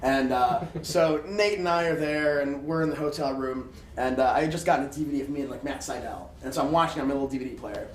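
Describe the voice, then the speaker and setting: A man's voice: medium pitch, fast, hardly any pauses, far from the mic. A man telling a story as an interview guest in a profane, rambling, laughing way. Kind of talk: casual storytelling. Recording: roomy, off-mic, faint room hiss.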